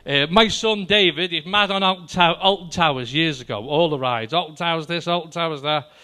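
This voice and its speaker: A man's voice: fairly high pitch, a little fast, sharp tone. An older man telling doctor jokes and one-liners to a live audience in a chatty stand-up style, talking straight to the crowd. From Wales. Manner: chatty, addresses the audience directly. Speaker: amateur stand-up comedian. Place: library hall with live audience.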